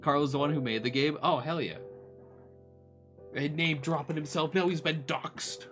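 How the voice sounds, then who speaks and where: A man's voice: a little high, fairly even intonation, moderate pace, a bit bright. A man streaming a visual novel, joking and laughing in casual commentary. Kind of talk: casual let's-play commentary. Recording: music playing behind.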